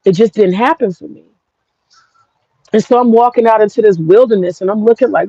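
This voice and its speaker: A woman's voice: mid-range voice, fairly quick, mellow, husky, no echo, dull audio. An American woman with an African American English accent, telling a personal story in a frank, profane, rambling vlog. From United States. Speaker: vlogger.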